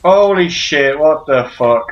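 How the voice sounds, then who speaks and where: Swearing man yelling through a game. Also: a little high, expressive, slow, lo-fi sound. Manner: profane, frustrated outbursts and shouting at enemies. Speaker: gamer playing through a shooter. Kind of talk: let's play commentary.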